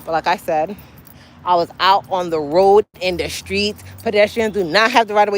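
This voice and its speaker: Casual woman streamer with a low-set voice, talking to her chat by a road with light street noise. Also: fairly quick. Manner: chatty, talks straight to her chat with sudden high exclamations. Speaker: livestream host. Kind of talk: casual livestream chat to viewers. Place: outdoors by a street, waiting for a ride.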